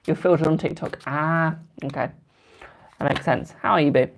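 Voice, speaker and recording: A young man in his twenties runs a live tarot stream, loose and gossipy, warmly calling everyone darling and boo. His voice carries a slightly gravelly, fry-tinged texture at the ends of phrases, and his delivery stays chatty and unhurried. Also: on the high side, steady tone, slight background noise. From United Kingdom. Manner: chatty and affectionate, calls viewers darling and boo. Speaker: tarot reader. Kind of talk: live-stream card readings, casual chat.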